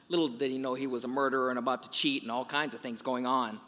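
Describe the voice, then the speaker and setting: A man's voice: mid-range voice, fairly even intonation, fast talker, sharp tone. A man, a priest, giving a Sunday homily and retelling film scenes with quoted lines. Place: large church. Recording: long church reverb.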